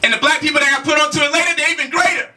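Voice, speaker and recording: Very high-pitched, bright, emphatic man. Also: steady tone, rapid-fire, recorded from a distance. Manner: emphatic, repeats rhetorical questions, casual slang. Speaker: speaker challenging a debate opponent. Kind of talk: heated spoken lecture.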